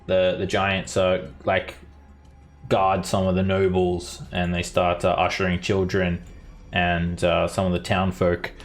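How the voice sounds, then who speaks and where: A man narrating as game master in a tabletop game, relaxed and halting with fillers. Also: deep voice, soft background music.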